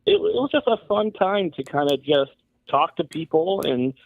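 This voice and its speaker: A male podcast co-host with a slightly raised pitch, talking things over in an easygoing, upbeat way. His voice comes through a tinny, phone-like line. The sound is dry. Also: very animated, moderate pace, gravelly, no echo. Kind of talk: casual chat.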